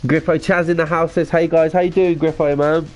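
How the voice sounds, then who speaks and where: Excitable chatty man streaming. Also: on the high side, a little fast, faint music behind. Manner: chatty, excitable, reads viewer comments aloud. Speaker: gaming streamer. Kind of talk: casual live-stream commentary.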